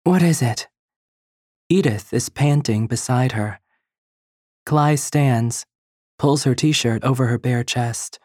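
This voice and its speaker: Slow, measured fiction reader. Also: mid-range voice, fairly even intonation, darkish tone, dry recording, clean studio sound. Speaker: audiobook narrator. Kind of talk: literary fiction reading.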